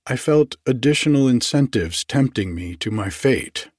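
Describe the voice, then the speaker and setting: A man reading a classic story aloud in a deliberate, formal narrating manner. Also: mid-range voice, expressive, darkish tone, no room sound, studio quality. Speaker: audiobook narrator.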